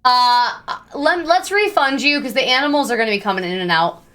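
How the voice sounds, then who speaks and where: A woman's voice: expressive, brisk, a bit bright. Bubbly young woman chatting on stream. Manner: bubbly, self-deprecating, bursts into squeaky high exclamations. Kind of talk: casual live-stream chat with viewers.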